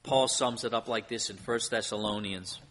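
A man's voice: fairly low pitch, steady tone, normal speed, a bit bright. A man preaching a sermon as pastor, earnest, with emphasis that rises and falls. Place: church.

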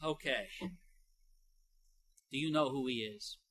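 Male pastor, sermon delivery, bright edgy tone, emphatic, talky with "you know" fillers. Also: medium pitch, takes it slowly, slightly rough, poor audio. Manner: swings between soft and loud emphasis.

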